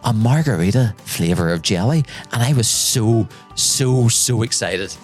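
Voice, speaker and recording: A man from Northern Ireland with a Northern Irish accent, co-hosting a podcast in playful, excitable casual chat. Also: fairly low pitch, measured pace, faint music behind. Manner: playful, excitable, keeps addressing his co-host by name. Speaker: podcast co-host.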